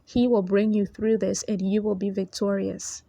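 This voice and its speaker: A woman delivering a prophetic word to her online followers in an earnest, measured preaching manner, speaking from a noisy spot. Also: medium pitch, level tone, vocal fry, mellow, no echo. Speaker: prophetic minister.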